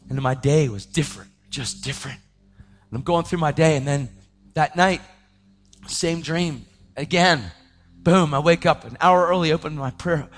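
Man, young adult, personal testimony, casual talk, slightly high voice, gets loud and emotional. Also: a little slow. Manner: emotional, voice rises to shouts at intense moments; casual, says "man" and "dude" a lot. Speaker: speaker sharing his testimony.

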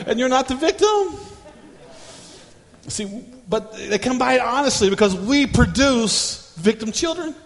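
A man's voice: very high voice, expressive, measured pace, in a large hall. A male pastor delivering a sermon in a repetitive preaching cadence, breaking into humorous role-play.

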